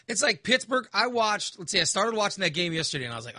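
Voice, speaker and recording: A man's voice: sits high, animated, fast talker, few pauses, bright, forceful tone, dry recording, clean studio sound. A man ranting casually, exasperated and sarcastic, sounding fired up. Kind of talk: casual opinion rant.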